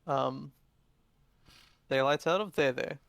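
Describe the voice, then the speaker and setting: A man narrating as dungeon master of a tabletop game, halting and full of fillers and restarts. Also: mid-range voice, creaky, a bit bright, smooth, no echo.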